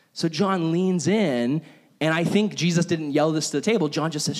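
A man preaching a sermon as a pastor, telling a story in an animated way and acting out its characters. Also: a little high, normal speed.

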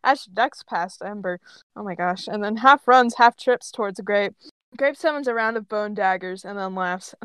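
A woman's voice: medium pitch, normal speed, fairly bright tone, smooth, dry recording, studio quality. A woman co-hosting a podcast, reading a fan story aloud and breaking off to react in dismay. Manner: reads narration, breaks off with dismayed asides.

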